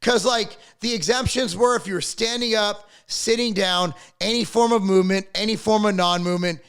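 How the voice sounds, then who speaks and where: A man's voice: high voice, steady tone, moderate pace, fairly bright tone, clear, resonant tone. A middle-aged man hosting his own channel, ranting to camera in a blunt, profane, rambling way and repeating his words. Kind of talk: casual opinion rant to camera.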